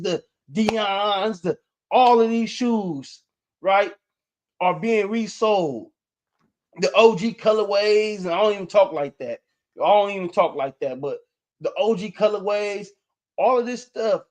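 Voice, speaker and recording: A high-voiced man hosts his own livestream, chatting casually and rambling about sneakers and street culture. His talk is full of "man" and "y'all."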